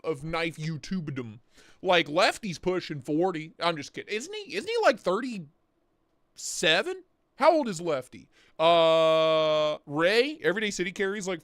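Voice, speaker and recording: On a dry, studio-quality recording, a high-pitched man in his thirties hosts a livestream. He chats casually, rambles, jokes, and swears, and his neck and back are sore.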